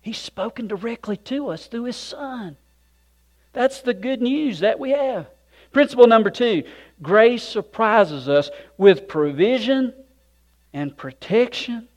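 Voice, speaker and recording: A man preaching a sermon with folksy conversational asides, swinging from loud emphatic points to hushed, near-whispered moments. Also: very high-pitched, lively intonation, slow. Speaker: pastor.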